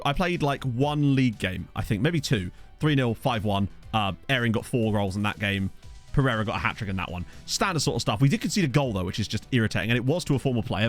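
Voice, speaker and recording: A man chatting casually on a live game stream, self-mocking and laughing often, with hiccups. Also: medium pitch. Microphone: desk USB microphone.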